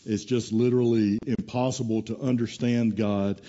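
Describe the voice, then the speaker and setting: Male pastor, casual and storytelling, dark warm voice, muffled lo-fi capture. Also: mid-range voice, steady tone, normal speed. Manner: folksy, casual, teasing, storytelling. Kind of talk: sermon. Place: church.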